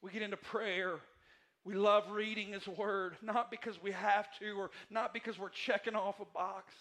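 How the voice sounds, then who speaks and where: Male pastor, high bright voice, emphatic repetitive sermon delivery. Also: fairly even intonation, moderate pace. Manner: repetitive, emphatic preaching with swings between soft and loud passages. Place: church sanctuary.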